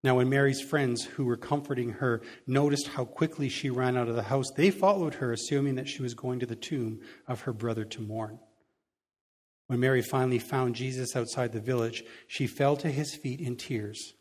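A man's voice: medium pitch, moderate pace. Conversational male preacher reading scripture. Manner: conversational, chuckling asides. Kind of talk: sermon reading scripture with commentary.

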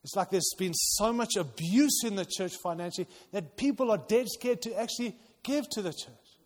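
A male pastor preaching a sermon to his church, urging loudly at times and dropping to quiet intensity at others. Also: high-pitched, normal speed. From outside the United States. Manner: impassioned, swings between loud urging and quiet intensity. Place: church hall. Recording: long reverb of a large hall.

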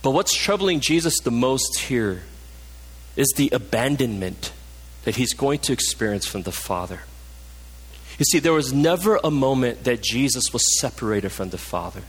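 A man's voice: lively intonation, moderate pace, breathy edge. Man preaching in a reverberant hall. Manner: passionate, drops low and soft for emphasis. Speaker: pastor. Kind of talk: sermon.

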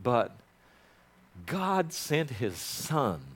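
Speaking very slowly in a husky, medium-pitched voice that swings widely, a pastor preaches to his congregation. He alternates between loud, fervent prayer and quiet, intimate asides, asking people to echo his phrases.

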